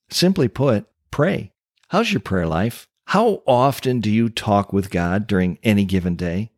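A man preaching a sermon, teaching step by step with emphatic pauses and dramatic asides. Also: fairly low pitch, lively intonation, darkish tone, dry recording, clean studio sound. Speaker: pastor.

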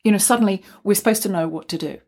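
A middle-aged woman giving a reflective talk on self-development, gentle and musing, sometimes acting out little asides. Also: mid-range voice, very fast, breathy edge.

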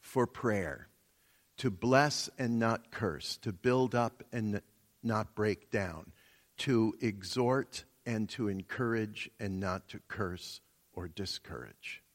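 Slow-speaking preacher in a reverberant church. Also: male voice, on the low side. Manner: slow, measured teaching with many pauses. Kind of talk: sermon. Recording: long reverb of a church hall.

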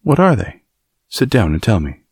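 A man's voice: lowish voice, big pitch swings, moderate pace, darkish tone, husky, no echo, studio quality, pitched above the performer's own voice, full character voice. A man reading an audiobook voices a spoiled, sickly rich boy who speaks in a grand, commanding way. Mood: imperious.

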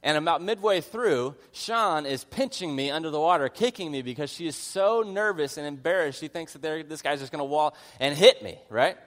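A man's voice: fairly high pitch, normal speed, hardly any pauses, fairly bright tone. Man preaching in a reverberant hall. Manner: earnest teaching with humorous personal asides. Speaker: pastor. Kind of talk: conversational sermon. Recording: long reverb of a large hall.

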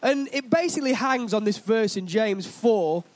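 High-voiced chatty young preacher man. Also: moderate pace. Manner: lively, chatty and self-deprecating with the congregation. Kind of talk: sermon.

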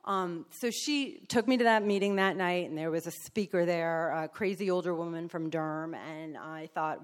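A woman with a fairly low voice tells her recovery story in a frank, emotional way. She talks bluntly and swears freely. She often slips into animated impressions of the people she describes. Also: normal speed, hardly any pauses. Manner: animated storyteller who acts out other people. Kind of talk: candid personal testimony.

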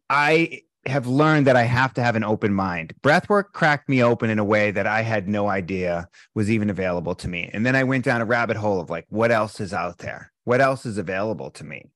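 A mid-pitched man talks openly and with feeling as a guest on a chat show. He tells his stories with energy and slips into other people's voices. His voice sits close and dry, with no room sound. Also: dry recording. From Boston, USA. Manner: animated storytelling, candid and emotional, acts out quotes. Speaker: breathwork instructor, podcast guest. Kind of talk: casual interview chat.

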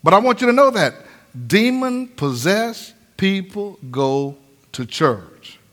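High-voiced pastor, animated sermon, acts out voices. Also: male voice, takes it slowly. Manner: lively preaching, acts out voices, laughs often. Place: church sanctuary.

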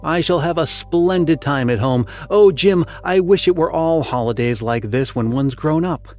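A man's voice: on the high side, moderate pace, darkish tone, soft background music, lightly acted. A man voicing an eager, boastful but kind schoolboy in a storybook reading, lifting his voice as the boy.

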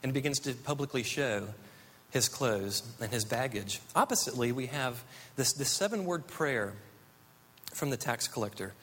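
A man's voice: mid-range voice, animated, moderate pace, fairly bright tone. A man from the United States preaching a sermon, telling stories earnestly. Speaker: pastor. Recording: long hall reverb.

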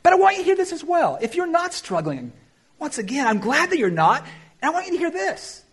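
A man preaching a sermon, addressing the church with emphatic rises and quiet, drawn-out phrases. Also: extremely high pitch, very animated. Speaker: pastor.

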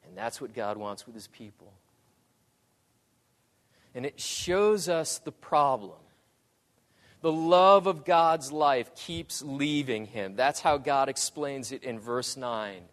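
A man preaching a sermon, dramatic in delivery, dropping to a hush and rising to loud pleas. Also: a little high, expressive, slow, in a large hall. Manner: dramatic, swings from hushed to loud.

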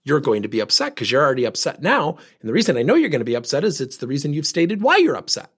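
Husky-voiced man telling an animated story. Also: medium pitch, quick pace. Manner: animated, acts out both sides of conversations. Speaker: leadership speaker. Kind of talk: storytelling talk on coaching.

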